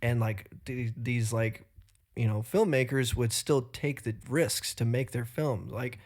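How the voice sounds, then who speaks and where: Animated man co-hosting a casual podcast. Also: medium pitch, a little slow. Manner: lively, acts out quotes in funny voices, swears casually. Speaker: podcast co-host. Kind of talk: casual chat.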